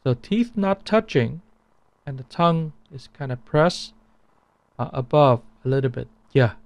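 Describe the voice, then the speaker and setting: A man teaching a language pronunciation lesson, repeating each sound slowly so it can be compared. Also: medium pitch, lively intonation, creaky, a little mellow, no echo.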